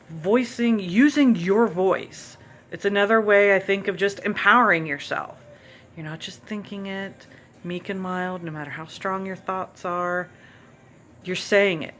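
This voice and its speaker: A woman's voice: medium pitch, measured pace, fairly bright tone. A woman vlogger giving an earnest, emphatic motivational monologue to encourage her viewers.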